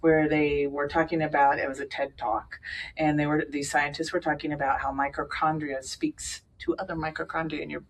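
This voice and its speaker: A woman's voice: low voice, brisk, rough recording. A middle-aged woman chatting casually, telling stories with lots of laughter and acted-out quotes. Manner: animated, laughs often, acts out quotes. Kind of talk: casual chat, storytelling.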